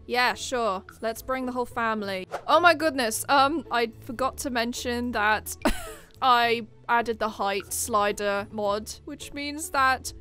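A woman giving chatty, excitable let's-play commentary over a life-simulation game, often breaking into giggles. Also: a little high, takes it slowly, faint music behind. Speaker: gaming channel host.

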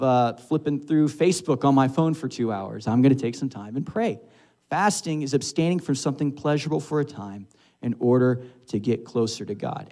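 A pastor preaches a sermon in a church sanctuary, speaking conversationally and putting questions to his congregation. His male voice is on the high side with a darkish tone.

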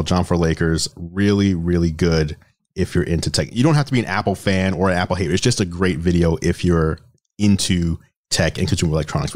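A man hosting a tech podcast, chatting casually and steering the conversation to the next topic. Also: deep voice. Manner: affable, complimentary, steers the segments. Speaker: podcast host.

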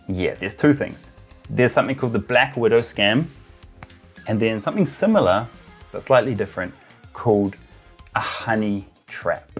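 Chatty New man telling a story. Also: on the low side. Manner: chatty, uses filler words. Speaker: travel vlogger. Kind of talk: casual storytelling to camera.

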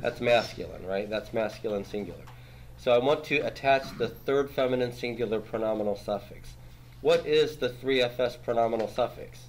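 A man's voice: medium pitch, normal speed, a little mellow, a little hiss or hum. A man teaching grammar in a classroom lecture, quizzing students and tagging his points with "right?". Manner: patient, steps through rules on a board.

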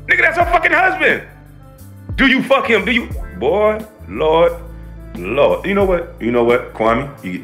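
A man's voice: medium pitch, a bit bright. A man giving a heated, profane reaction commentary, ranting and preaching to his viewers.

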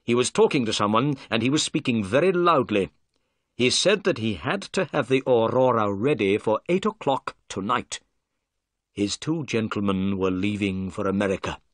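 A man giving clear, measured narration of a graded reader story. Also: on the low side, a bit bright, no room sound, clean studio sound.

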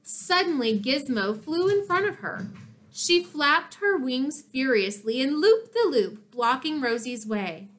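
Expressive woman reading a children's book. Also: sits high. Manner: expressive, slow storytelling. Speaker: narrator.

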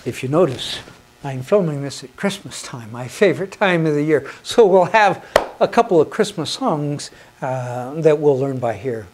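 A man teaches hymn conducting in an instructional video, his slightly high voice expressive and moderately paced against background noise. He encourages patiently, counting beats out loud and posing questions he then answers.

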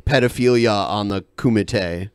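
A man co-hosting a casual podcast panel chat, rambling and joking with halting restarts. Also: lowish voice, smooth, no echo, studio quality. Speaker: podcast co-host.

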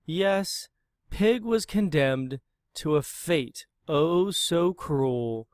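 A man reading a rhyming picture book aloud in an expressive, dramatic way. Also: a little high, extremely slow, no room sound, clean studio sound. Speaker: storyteller.

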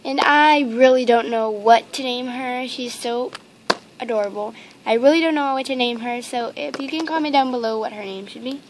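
A woman's voice: on the high side, normal speed, a little hiss or hum. A woman unboxing toys on camera at home, rambling and gushing with lots of ums and repeated exclamations, into a handheld camera mic. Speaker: toy unboxing vlogger. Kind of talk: casual unboxing chat to camera.

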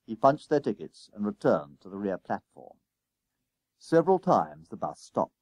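A man reading his own children's book aloud as narrator, crisp and expressive. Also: on the low side, normal speed, no room sound. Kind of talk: storybook narration.

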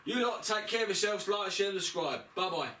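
A man's voice: high-pitched, animated, normal speed, sharp tone, a little hiss or hum. A man casually talking through a motorbike service he is doing, in a chatty, grumbling, matter-of-fact way. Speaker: motorbike mechanic vlogger. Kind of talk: casual working commentary. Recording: roomy sound from a distant camera mic.

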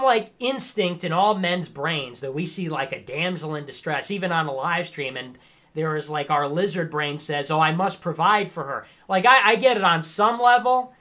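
A man in his twenties giving a sarcastic, lecturing rant on a livestream, sometimes bursting into shouts. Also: high-pitched. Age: 20s. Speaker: streamer. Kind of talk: ranting livestream commentary.

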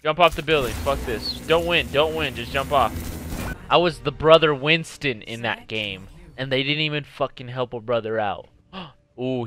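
A young man giving loud, excitable gameplay commentary, swearing and trash-talking his teammates and opponents. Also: medium pitch, normal speed. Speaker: gaming YouTuber.

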